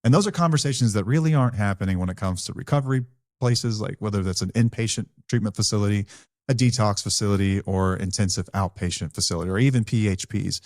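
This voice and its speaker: A man with a fairly low voice talks in a blunt, earnest, candid way as a podcast co-host. The sound is dry and close, with no room echo. He speaks plainly and with conviction. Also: fast talker. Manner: blunt, earnest, speaks from his own recovery. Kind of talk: candid conversational podcast talk.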